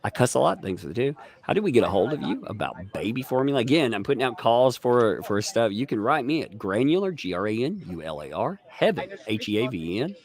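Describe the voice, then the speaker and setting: A man hosting a live stream, joking and commentating casually while reading viewer messages aloud. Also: medium pitch. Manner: joking, animated, reads chat aloud. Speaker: livestream host.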